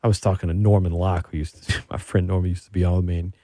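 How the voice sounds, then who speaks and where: Dude hosting a chat show, gets all fired up telling stories, super dry close mic. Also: male voice, low voice, fast, no echo. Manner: animated, excitable storyteller. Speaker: podcast host. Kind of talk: casual chat.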